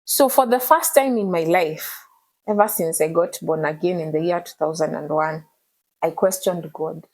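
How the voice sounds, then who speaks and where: A woman, telling her personal story in an emotional, animated way as an interview guest. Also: low-pitched, normal speed, poor audio. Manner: earnest, animated retelling with code-switching.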